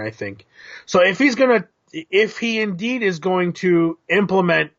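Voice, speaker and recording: A man co-hosting a casual soccer talk show, explaining tactics in a measured, analytical way. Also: fairly high pitch, fairly bright tone, highs cut off. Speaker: co-host. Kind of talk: casual chat.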